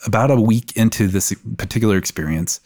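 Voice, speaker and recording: Middle-aged male podcast guest, low voice, earnest and reflective, measured delivery. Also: a little mellow. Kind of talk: podcast conversation.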